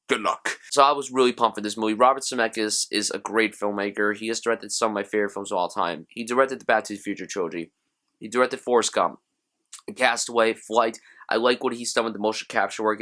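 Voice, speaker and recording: A young man gives an easygoing film review in a lowish voice. His delivery is upbeat and conversational, and he drifts into side comments as he goes. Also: pushed and bright. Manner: chatty and enthusiastic, with loose asides. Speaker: movie reviewer. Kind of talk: casual spoken film review.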